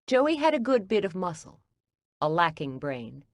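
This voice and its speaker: A woman reads an audiobook in a lowish, measured voice. Her delivery is steady and even, recorded close on a dry studio mic with no room sound. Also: no room sound. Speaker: audiobook narrator. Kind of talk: scripted audiobook narration.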